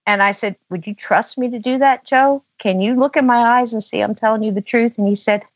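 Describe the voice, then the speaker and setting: A woman's voice: a little high, fairly even intonation, a little fast, no echo. A woman guest on a podcast, telling a long story in a chatty way and saying "you know" a lot. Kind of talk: casual storytelling. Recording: dull lo-fi dry sound.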